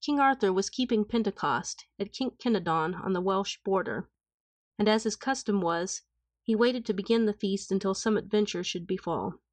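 A woman reading an old tale aloud in a calm, even, formal way. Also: mid-range voice, normal speed, no room sound. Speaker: audiobook narrator. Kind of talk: scripted storybook narration.

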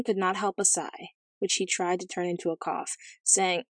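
A woman narrating a fairy tale as an audiobook, in a measured, gently expressive storytelling manner. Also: fairly low pitch, no echo, studio quality.

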